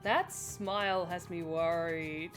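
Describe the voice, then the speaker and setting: A woman streamer giving lively live gameplay commentary, reacting and reading game text aloud. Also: fairly low pitch, slow pace, faint music behind.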